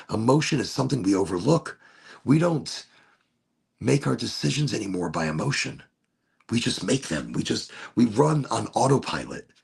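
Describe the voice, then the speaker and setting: Gravelly man musing slowly, with sighs. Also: lowish voice. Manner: slow, dreamy and emotional, with many restarts and sighs. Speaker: vlogger. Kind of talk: rambling casual monologue. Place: indoors at home by a window.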